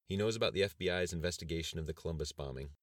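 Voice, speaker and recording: A man reading a brisk woman chief of staff. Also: low voice, no echo, clean studio sound, natural voice. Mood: briefing. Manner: brisk, matter-of-fact reporting.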